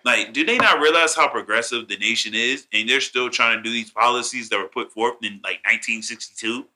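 A man's voice: medium pitch, brisk, bright, forceful tone. A young man co-hosting a casual chat, ranting in profane, slangy speech. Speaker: co-host.

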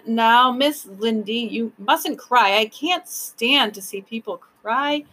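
A woman voicing a gentle, awkward male creature gatekeeper in a storybook reading, speaking slowly and firmly. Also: fairly high pitch, breathy edge, full character voice. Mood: soothing.

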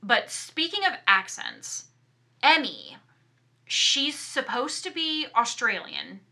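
An animated woman chatting on a podcast, reviewing a film with plenty of emphasis. Her voice is very bright and forward, and she often restarts her sentences as she works up to a point. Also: on the high side, slow, vocal fry. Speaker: podcast co-host. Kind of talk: casual movie review chat.

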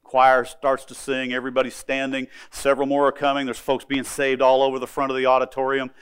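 A man's voice: mid-range voice, completely flat delivery, a little fast, fairly bright tone, smooth. A male preacher delivers a sermon as a vivid story. He talks with emphasis and often repeats words as he drives his points home.

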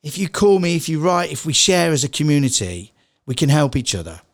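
A middle-aged man giving a heartfelt motivational talk, earnest and pleading, dropping soft and low then rising with emphasis. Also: sing-song, brisk. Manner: earnest, pleading, swings between soft low lines and raised emphatic ones. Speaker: motivational speaker.

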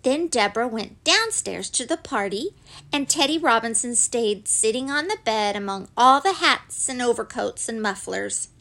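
A woman gently reading a children's story aloud, unhurried and expressive. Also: on the high side.

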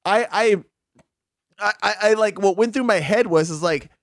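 A young man speaks in a slightly high voice, telling long, rambling stories packed with swearing and loose laughter. The sound is dry and close to the microphone, like a casual podcast chat between friends. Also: moderate pace, no room sound. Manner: profane, rambling storytelling with laughs.

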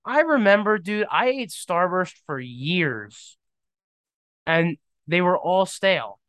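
A man's voice: sits high, lively intonation, takes it slowly, fairly bright tone, no room sound. A young man hosting a podcast in casual solo chat, rambling and emphatic, often saying "dude". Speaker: podcast host.

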